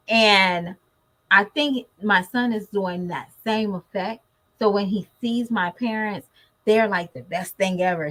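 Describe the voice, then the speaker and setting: A woman's voice: mid-range voice, low-quality recording. A woman, a mother, talking casually and animatedly to her viewers in a vlog. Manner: chatty, animated, talks straight to viewers. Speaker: mother vlogger. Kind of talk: casual chat to camera.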